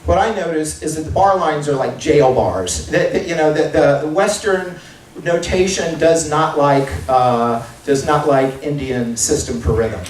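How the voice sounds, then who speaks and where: A man's voice: a little high, unhurried, darkish tone, slight background noise. A male music professor giving a chatty lecture recital, often repeating words as he thinks and reciting drum syllables. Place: lecture hall. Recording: roomy hall sound from far off.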